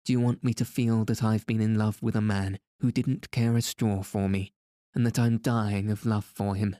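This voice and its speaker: A man voicing a proud, bitterly upset young woman in an audiobook, reading her lines slowly and low-key. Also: little pitch movement, warm tone, no room sound, close to an everyday voice.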